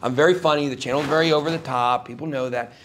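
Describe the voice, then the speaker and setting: A man's voice: mid-range voice, fairly even intonation, fast, a bit bright, slight background noise. A man as an interview guest before a live audience, telling a story in an emphatic, rambling way, his voice jumping up sharply when he gets worked up.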